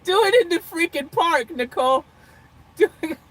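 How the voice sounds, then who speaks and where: Her voice is very high with lively intonation and a moderate pace, captured in a rough recording. Sitting in a parked car, this vlogger reads her live chat in a casual stream, chatting with viewers by name, laughing often, rambling loosely, and leaning on the word "freaking."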